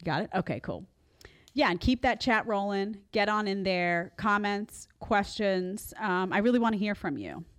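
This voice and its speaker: A woman hosting a live commentary show, sarcastic and animated, often mimicking others in mocking voices. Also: medium pitch, moderate pace, clean tone. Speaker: host.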